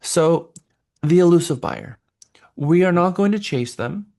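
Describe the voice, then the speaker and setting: Give me a man lecturing a real estate class in a lively, animated way. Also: a little high, a little slow. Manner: lively, acts out buyers' voices. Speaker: real estate sales trainer.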